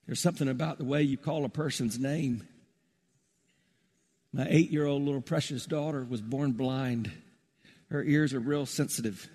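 A man's voice: moderate pace, pauses often, breathy edge. Impassioned male pastor, sermon in a hall. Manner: passionate preaching, swinging from soaring highs to hushed tender lows. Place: church sanctuary. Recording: reverberant church hall.

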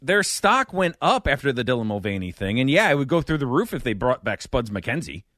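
Lively, bright-voiced male podcast host. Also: mid-range voice, a little fast, dry recording, studio quality. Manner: animated, wry, trails off and restarts. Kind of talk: casual podcast banter.

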